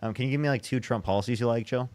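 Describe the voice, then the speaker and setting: A man hosting a live debate stream, firing quick pointed follow-up questions at a caller. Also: medium pitch, a little mellow. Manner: rapid, pressing follow-up questions. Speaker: debate livestream host.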